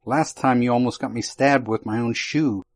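A wary catfolk secret agent, a woman with a dry, doubting edge, as a man reading an audiobook puts her on. The voice is lifted and a bit husky, and she sounds hard to impress. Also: mid-range voice, moderate pace, lightly acted. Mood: skeptical. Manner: skeptical, dry. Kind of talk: audiobook character voice.

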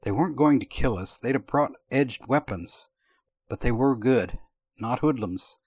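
A man's voice: medium pitch, expressive, measured pace, a little mellow, no echo. A man voicing a tough, wary woman fighter with claws, speaking in blunt, clipped lines.

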